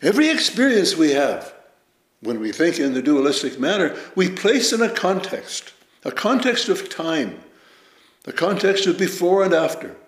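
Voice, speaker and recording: A man giving a Zen dharma talk as teacher, measured and reflective, telling stories with lively emphasis. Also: on the high side. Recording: roomy echo.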